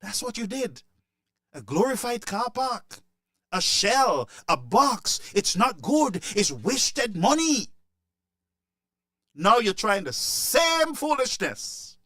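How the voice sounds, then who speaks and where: A man delivers emotional political commentary in a high, bright voice with big pitch swings and a slow pace. He repeats himself and stammers through restarts as he presses each point. The sound is dry and close, with no echo.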